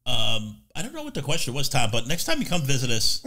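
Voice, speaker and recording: A man co-hosting a podcast, telling animated stories in casual chat. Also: medium pitch, quick pace, gravelly, low-quality recording. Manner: animated storyteller, does quoted voices. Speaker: podcast co-host.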